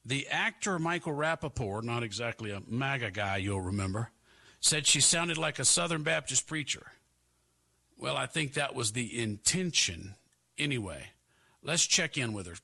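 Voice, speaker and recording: Gravelly-voiced sarcastic male talk host. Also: mid-range voice, lively intonation, normal speed, bright, forceful tone. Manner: emphatic and sarcastic, with repetitions for stress. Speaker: political talk show host. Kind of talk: opinionated political commentary.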